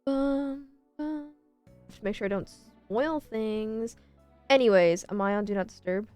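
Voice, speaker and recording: A woman's voice: mid-range voice, normal speed, a little mellow, smooth, no room sound, soft background music. A young woman chatting casually and playfully to her stream audience as an artist.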